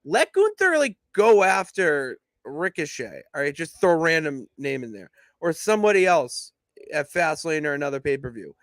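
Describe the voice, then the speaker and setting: A young man talks wrestling on a casual podcast, emphatic and animated as he lays out storyline ideas. His voice sits a bit high for a man, recorded close and dry. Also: moderate pace, no echo. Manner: emphatic, animated booking pitches. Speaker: podcast co-host. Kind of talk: casual wrestling analysis chat.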